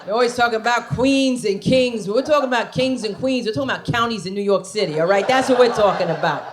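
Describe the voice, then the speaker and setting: A woman's voice: on the high side, fast talker, background noise. Brash New woman doing stand-up. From New Jersey, USA. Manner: brash storytelling with acted-out quotes and loud punchlines. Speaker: stand-up comedian. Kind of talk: stand-up comedy set. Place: comedy club stage. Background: audience laughter.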